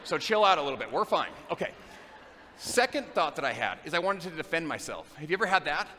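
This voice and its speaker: A man giving a motivational talk, telling a story and asking the audience questions in an animated way. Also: a little high, fast talker. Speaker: motivational speaker. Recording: long reverb of a big hall, faint noise.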